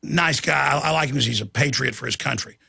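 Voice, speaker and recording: A man's voice: mid-range voice, fast, gravelly, bright, forceful tone, breathy edge, dry recording. A man hosting a nightly news show, delivering indignant, digressive commentary as he rants.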